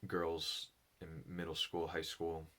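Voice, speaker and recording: A man speaking alone in a slow, reflective monologue, halting and thoughtful, with a low voice. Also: completely flat delivery, pushed and bright. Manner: halting, thoughtful, with pauses and restarts. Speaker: solo speaker on personality psychology.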